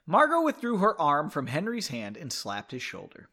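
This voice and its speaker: Brief: man reading a book aloud over whiskey, chatty asides and swearing, fairly high voice that jumps around a lot. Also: wildly swooping pitch, normal speed, bright, forceful tone. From United States. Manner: rambling, swears and comments between passages. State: drinking whiskey. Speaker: reader of a book. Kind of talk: casual read-aloud with asides.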